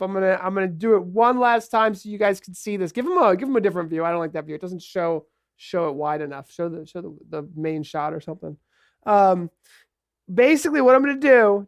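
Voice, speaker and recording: Casual live-stream host, dry sound. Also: male voice, high-pitched, dry recording. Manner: casual, explains his setup to viewers. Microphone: video call.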